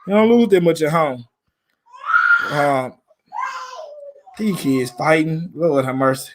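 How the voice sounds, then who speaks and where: A man's voice: fairly high pitch, slow pace, pauses often, shouting, a little hiss or hum. A man from Memphis with a Southern accent, hosting a casual live stream about football in a laid-back, slangy way. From Memphis, Tennessee.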